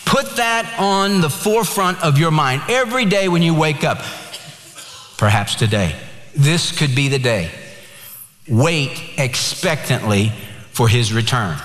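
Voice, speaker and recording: A man's voice: on the high side, lively intonation, unhurried, a bit bright. A man preaching a sermon, earnest and direct, quoting scripture and telling a joke along the way. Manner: earnest preaching, tells jokes and quotes scripture. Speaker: pastor. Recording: echoey hall with long reverb.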